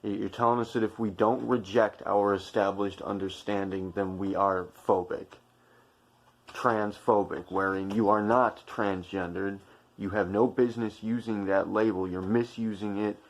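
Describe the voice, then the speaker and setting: A man's voice: fairly low pitch, fairly even intonation, measured pace. A man delivering a heated, profane opinion monologue to his viewers, preachy and confrontational. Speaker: channel commentator.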